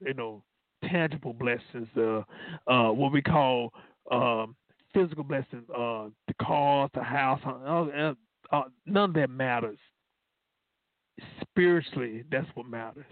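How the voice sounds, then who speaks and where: A man's voice: medium pitch, unhurried, no echo. A man preaching a sermon, telling folksy stories with many fillers, then leading a prayer that keeps returning to the word God. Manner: repeats "God" as a refrain while praying. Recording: dry, tinny phone-line sound.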